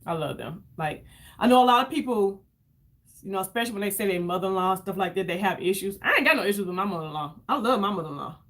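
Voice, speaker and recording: An effusive woman in her fifties hosts a makeup livestream from home, talking casually as she works. Her voice sits at an ordinary middle pitch, and she keeps breaking off to greet viewers by name. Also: lively intonation, quick pace, a bit bright. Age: 50s. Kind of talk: casual livestream chat while doing makeup.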